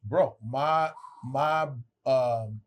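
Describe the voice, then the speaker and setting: A man in his forties, a guest actor telling stories in casual chat, animated, acting out quotes and swearing freely. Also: medium pitch, drawn-out words.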